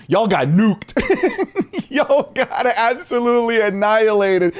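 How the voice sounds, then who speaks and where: A man with a high, smooth voice hosting a podcast. He mocks his co-host with a grin in his voice and laughs a lot. His talk is crisp and resonant. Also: darkish tone. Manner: mocking, teasing, laughs often. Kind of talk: casual podcast banter.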